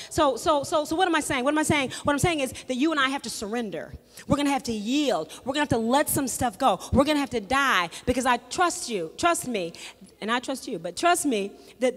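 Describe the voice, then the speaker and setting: High-voiced woman preaching in a reverberant church. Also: expressive, brisk. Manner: call-and-response preaching, repeats phrases, swells to shouts. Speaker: pastor. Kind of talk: live sermon. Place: church sanctuary. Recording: long hall reverb in a church.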